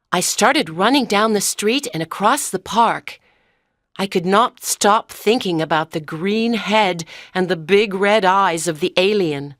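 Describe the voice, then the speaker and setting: A woman narrating a graded-reader story for language learners in a clear, careful reading. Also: medium pitch, a bit bright, dry recording, clean studio sound. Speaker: audiobook narrator.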